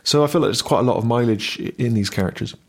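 A man's voice: mid-range voice, quick pace, vocal fry, breathy edge. A middle-aged man from Bristol with a West Country accent, talking in a radio interview as a guest, with many restarts and filler words. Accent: Bristol West Country English. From Bristol, West Country, England. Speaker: interview guest, actor and writer.

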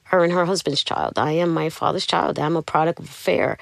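Animated New woman telling her story. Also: low voice, brisk, creaky, no echo, studio quality. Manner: animated, acts out the voices of people in her stories. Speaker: guest. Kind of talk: candid interview storytelling.

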